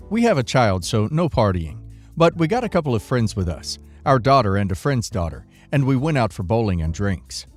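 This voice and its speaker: Man reading forum posts, lively pitch. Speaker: narrator.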